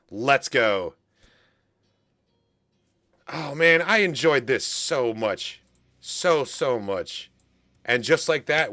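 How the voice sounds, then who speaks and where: A man's voice: medium pitch, pushed and bright, no room sound, clean studio sound. A man hosting an anime reaction channel, chatting casually and enthusiastically to his viewers with plenty of fillers. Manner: enthusiastic and chatty, with lots of fillers and bursts of laughter. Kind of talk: casual reaction commentary to camera.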